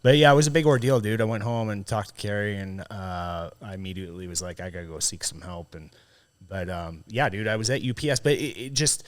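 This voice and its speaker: Low-voiced guy on a podcast, swearing a lot, getting worked up telling a story. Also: brisk. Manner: profane, animated when retelling a confrontation. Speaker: podcast host. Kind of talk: casual conversation, storytelling.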